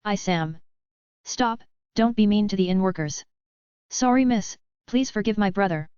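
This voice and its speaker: A woman's voice: mid-range voice, measured pace, darkish tone, clean tone, no echo, close to an everyday voice. A woman voicing a shy, polite young female wolf beastkin who stammers. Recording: dry, slightly dull lo-fi.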